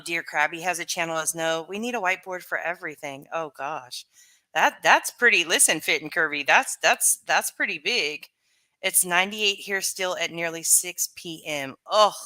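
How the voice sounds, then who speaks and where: A woman's voice: fairly low pitch, bright, forceful tone. A woman live streamer chatting casually with her viewers, rambling and full of fillers.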